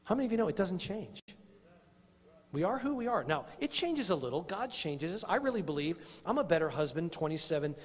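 A middle-aged male preacher with a fairly high voice tells homely stories at a men's workshop. He pokes fun at himself and keeps asking the audience questions. The sound carries a long reverb, as in a large church hall. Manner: chatty and self-deprecating, tells personal stories and quizzes the audience. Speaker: preacher leading a conference workshop. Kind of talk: conference workshop talk to men.

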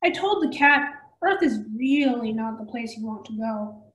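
A woman's voice: animated, moderate pace, reverberant, rough recording. A woman voicing a nervous, hesitant male cat leader who stammers with fillers. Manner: hesitant, full of fillers, high and bright.

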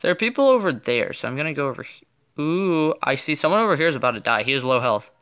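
A man giving casual, excitable gameplay commentary with playful trash talk. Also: fairly high pitch, fast talker, clean tone. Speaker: gaming channel host.

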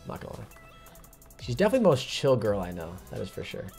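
A man's voice: on the low side, wildly swooping pitch, vocal fry, darkish tone, faint music behind. A young man chatting casually on his gaming live stream, reading out viewer messages. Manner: fast, chatty, reads viewer messages aloud.

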